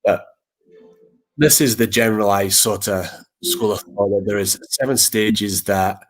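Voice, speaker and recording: In a fairly low, unhurried voice, this man hosts a podcast and speaks informally about grief. His talk wanders and loops back on the same words as he replays old conversations.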